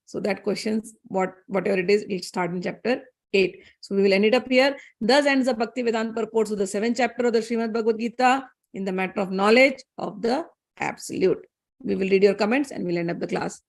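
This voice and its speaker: A woman's voice: mid-range voice, a little fast, creaky. An earnest middle-aged woman with an Indian English accent leads a scripture class and answers viewer questions. She talks in a direct, heartfelt way and often slips into acted-out prayers as she quotes them. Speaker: spiritual teacher.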